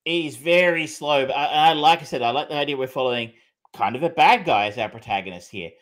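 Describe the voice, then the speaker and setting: A man's voice: on the high side, fast, a bit bright. A man co-hosting a film podcast, chatting casually with many fillers, restarts and the odd swear word. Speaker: podcast co-host. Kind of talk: casual film review chat.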